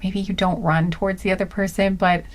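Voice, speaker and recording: A woman's voice: medium pitch, steady tone, a little fast. Meandering woman giving an intuitive reading. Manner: meandering, searching aloud for words. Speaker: intuitive card reader. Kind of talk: spoken intuitive reading, casual monologue.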